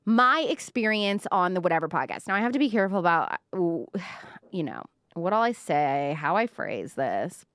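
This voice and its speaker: A woman's voice: fairly low pitch, big pitch swings, moderate pace, fairly bright tone, no echo, clean studio sound. A woman hosting a live-stream commentary show, talking sarcastically and mockingly. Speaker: podcast host.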